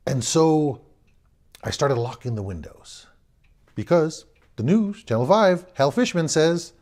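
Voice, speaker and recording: A man's voice: mid-range voice, very animated, measured pace, pauses often, a little mellow. A man in his forties from the Los Angeles area, telling a personal story in a wry, rambling way, repeating and restarting his words.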